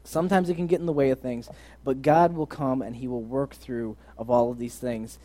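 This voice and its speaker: Mellow-voiced young man preaching casually. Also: medium pitch, steady tone, fairly quick. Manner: earnest, conversational, swings from loud to soft. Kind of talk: casual sermon.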